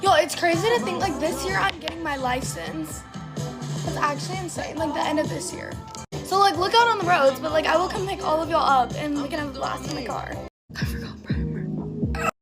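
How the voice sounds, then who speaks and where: A woman's voice: sits high, brisk. A teenage girl chatting casually while getting ready, filling her talk with "like". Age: teens. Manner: chatty, filler-heavy "like" talk. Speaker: vlogger. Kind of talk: get-ready-with-me chat. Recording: loud background music. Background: loud pop music.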